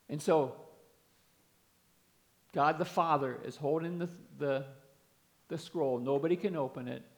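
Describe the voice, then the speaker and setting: A man preaching a sermon, earnestly explaining and reading scripture aloud with emphasis. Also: a little high.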